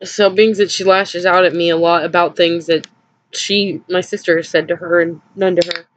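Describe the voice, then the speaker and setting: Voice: medium pitch, steady tone, normal speed, poor audio. A vlogger telling a personal story in a rambling, hesitant way, with nervous little laughs, sounding upset and drained.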